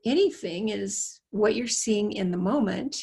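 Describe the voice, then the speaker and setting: A woman's voice: mid-range voice, expressive, a little slow, slightly rough. Chatty woman hosting a casual talk. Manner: chatty, warm asides to listeners, musing. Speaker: host. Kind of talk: casual conversation.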